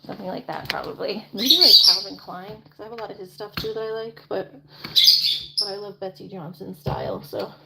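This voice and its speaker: A woman's voice: medium pitch, brisk, gravelly, very noisy. A woman chatting casually with viewers on a live stream, giggling often and using baby talk with her pet birds. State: briefly out of breath. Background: chirping birds.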